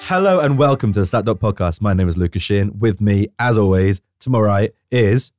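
A young man hosts a casual podcast, bantering with friends and laughing between lines. His pitch swings widely as he talks, recorded dry and close. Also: a little fast, no echo, soft background music. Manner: lively, laughing, swearing banter. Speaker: podcast host.

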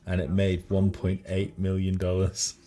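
A man's voice: low-pitched, completely flat delivery, unhurried, warm tone. A man co-hosting a podcast, chatting casually and joking while watching a film, with rambling musings. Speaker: podcast co-host.

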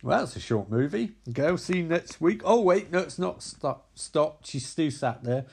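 A man's voice: on the high side, expressive, moderate pace, vocal fry, slightly rough. Sarcastic man riffing on a movie. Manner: sarcastic, profane, rambling. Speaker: movie reviewer. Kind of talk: comedic movie recap.

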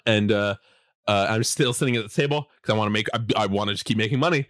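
A man casually telling a long anecdote to a friend, animated, often laughing and mimicking people. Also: fairly low pitch, fast talker, no room sound, studio quality. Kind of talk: casual storytelling chat.

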